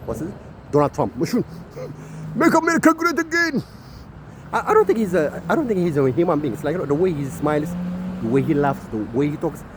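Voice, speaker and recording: A man from the Horn of Africa, giving a rambling ranting monologue that keeps repeating "my friend" and swings between loud and soft. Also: a little high, very animated, fast, noisy background.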